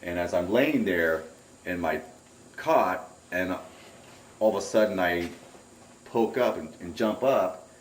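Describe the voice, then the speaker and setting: A man recounting a camping trip in a rambling, excitable way, caught on a distant mic. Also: sits low, takes it slowly, pauses often, a little hiss or hum. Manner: rambling, excitable storyteller who acts out remembered shouts. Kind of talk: casual spoken recollection. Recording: roomy, distant home recording.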